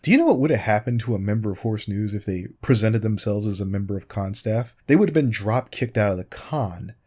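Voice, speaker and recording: A man's voice: fairly low pitch, lively intonation, a little fast, a little mellow. A man in a commentary video, sarcastic and pointed, arguing directly at the person he answers. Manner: sarcastic, pointed, repeatedly addressing his target by name. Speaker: YouTube commentator responding to a critic.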